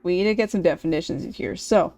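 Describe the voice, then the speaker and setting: A woman streaming a game, excitable and casual, swearing freely and laughing often. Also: fairly low pitch, fast.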